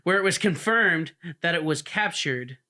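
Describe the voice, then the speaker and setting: A man's voice: on the high side, lively intonation, unhurried, bright, forceful tone. A man co-hosting a podcast, telling a story in casual chat and acting out the people in it. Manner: rambling storyteller who acts out the people in his story. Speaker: podcast co-host.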